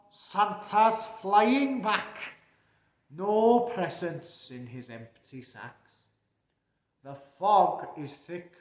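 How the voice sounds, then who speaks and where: Man as jolly old Santa Claus, storybook reading, unhurried, chuckling asides, echoey room. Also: high-pitched, darkish tone, heavily acted. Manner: chuckling, chatty asides to young listeners.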